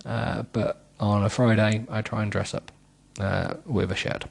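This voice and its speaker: Middle-aged man, low husky voice, comic read-aloud, stumbles over words. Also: level tone, measured pace. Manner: giggly, self-mocking, stumbles over words. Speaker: host reading a book aloud.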